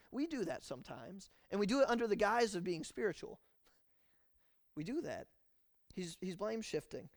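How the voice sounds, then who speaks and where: A male preacher giving a sermon in an animated, conversational way, laughing along as he goes. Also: high-pitched, no room sound, studio quality.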